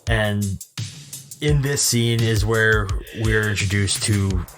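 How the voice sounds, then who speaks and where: A man co-hosting a movie podcast, calmly walking through the plot with small fillers. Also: lowish voice, takes it slowly, soft background music. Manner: calm, steady plot recapping with small fillers. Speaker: podcast co-host. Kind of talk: casual movie-discussion chat.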